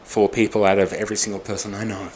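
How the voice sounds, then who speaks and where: A vlogger in his forties, his voice somewhat low and a little mellow, talks fast in a flat tone through a raw personal monologue to camera. Upset and exhausted, he comes across bitter and angry, swearing often, with faint background noise.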